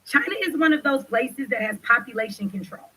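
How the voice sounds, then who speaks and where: Woman on her livestream going off, loud and passionate, sharp bright voice. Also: on the high side, animated, a little fast, slightly rough, poor audio. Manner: loud, passionate, profane ranting. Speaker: livestream host. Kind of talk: livestream commentary.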